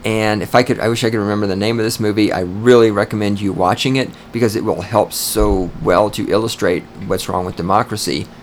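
A man hosting a podcast, delivering an emphatic, opinionated monologue with swearing, slowing down to stress key points. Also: lowish voice, steady tone, a little hiss or hum. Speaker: podcast host.

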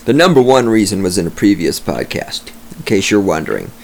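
A man's voice: low voice, sing-song, a little fast, gravelly, slight background noise. A man hosting a solo podcast, ranting with sarcasm and heavy profanity, talking at his home microphone. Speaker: podcast host.

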